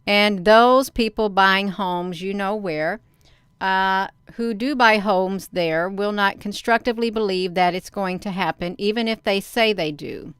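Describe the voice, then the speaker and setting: A woman's voice: medium pitch, measured pace, fairly bright tone, clear, resonant tone, no echo, clean studio sound. A woman hosting her own channel, reading a document aloud and commenting on it casually. She stresses words and repeats phrases, often calling out to viewers as "you all".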